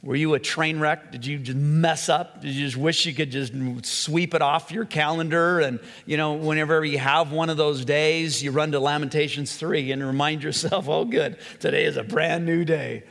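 A man preaching a sermon as a pastor, earnest, stretching key phrases slowly and often restarting his sentences. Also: a little high, level tone, fairly bright tone. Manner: earnest, with slow emphatic phrases and frequent restarts. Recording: long hall reverb.

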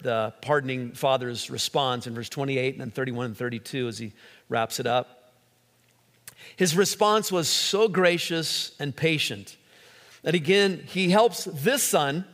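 A male pastor giving an animated sermon, acting out quotes as he preaches. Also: on the high side. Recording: long hall reverb.

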